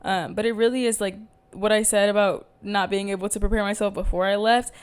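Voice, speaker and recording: A woman's voice: medium pitch, steady tone, fairly quick, clean tone. Young woman rambling candidly on her podcast. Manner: rambling, candid, swears freely, filler-heavy. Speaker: podcast host. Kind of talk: casual solo podcast chat. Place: at home, talking to camera.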